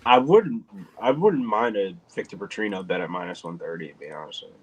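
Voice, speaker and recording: A man's voice: on the low side, animated, a little fast, highs cut off, a little hiss or hum. A man co-hosting a live fight stream, giving betting takes in laid-back, profane banter. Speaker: betting co-host. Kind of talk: casual betting chat.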